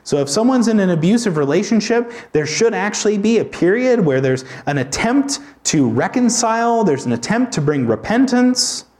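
A man's voice: sits high, big pitch swings, normal speed, few pauses, a little mellow. A man preaching an expository sermon as a pastor, talking in a conversational way with informal asides.

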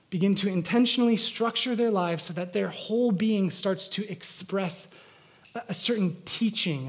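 A man preaching a sermon as pastor, in an earnest, conversational way with frequent fillers and restarts. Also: sits high.

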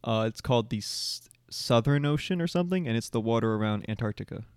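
A man's voice: mid-range voice, animated, quick pace, darkish tone, smooth, no room sound, clean studio sound. A young man co-hosting a podcast, joking around, playfully stubborn and laughing often. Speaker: podcast co-host. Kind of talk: casual chat.

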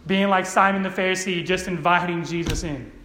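A male pastor preaching emphatically, often checking in with his listeners and swinging between loud urgency and soft earnestness. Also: high voice, steady tone, fairly quick, slight background noise. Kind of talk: sermon. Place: church sanctuary. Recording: echoey church room.

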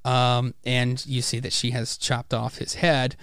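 A man with a smooth, resonant voice chats casually about a comic book, retelling each scene with lively little impressions of the characters. The sound is close and dry, with no room around it. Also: medium pitch, a little slow, no room sound. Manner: animated retelling, acts out characters' lines. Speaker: podcast host.

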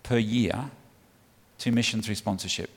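This middle-aged Englishman speaks low, husky and unhurried, keeping a steady tone as he preaches to a church congregation. He's a guest speaker for a child sponsorship charity, chatty and prone to ums and restarts. The large church hall lends a long reverb.

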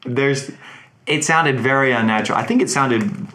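A man's voice: mid-range voice, moderate pace, pushed and bright, a little hiss or hum. A man co-hosting a podcast, chatting casually about a movie, hedging and restarting his sentences. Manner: hesitant, hedging, many restarts. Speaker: podcast co-host.

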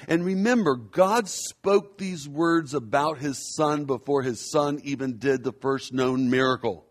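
A man preaching a sermon in an earnest, measured way, slowing down to stress key phrases. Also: fairly high pitch. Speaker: pastor.

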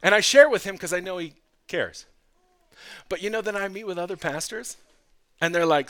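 A man in his thirties preaching a sermon as pastor, swinging from loud, impassioned lines to quiet, conversational asides. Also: high voice, expressive, fairly quick, pauses often.

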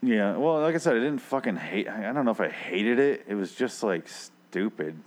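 A man's voice: on the low side, lively intonation, moderate pace. A man co-hosting a podcast, chatting casually in a crude, rambling, offhand way. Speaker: podcast co-host. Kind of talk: casual profane chat.

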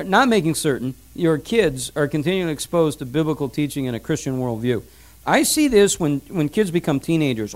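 A middle-aged man preaching a sermon, emphatic, repeating his points and telling family stories. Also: fairly high pitch. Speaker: pastor. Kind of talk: sermon on parenting.

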